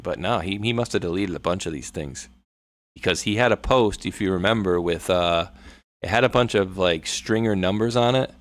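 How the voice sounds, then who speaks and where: A man's voice: sits low, normal speed. A man hosting a casual livestream chat, telling stories and acting out what people said. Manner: chatty, storytelling, acts out quotes. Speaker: show host.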